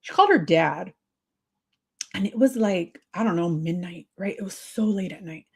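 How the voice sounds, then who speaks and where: A woman's voice: fairly low pitch, animated, normal speed, husky. A woman hosting a livestream, talking to viewers in a confiding, emotional, sympathetic way. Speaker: livestream host.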